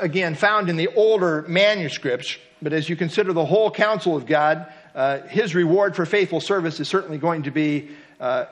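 Pastor, male, middle-aged, high voice; earnest, reflective sermon delivery. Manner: earnest, reflective, reads poems and quotes softly. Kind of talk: expository sermon.

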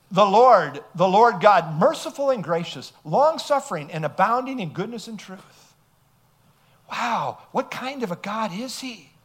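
A male pastor preaching an emphatic sermon, reading scripture aloud and asking rhetorical questions. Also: sits high.

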